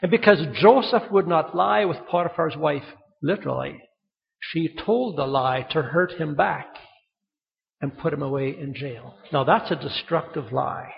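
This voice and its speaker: A man preaching a sermon, telling stories with lively acted-out quotes. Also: a little high, a little slow, gravelly. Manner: animated storytelling, acting out quoted voices. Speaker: pastor. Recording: muffled sound in a reverberant hall.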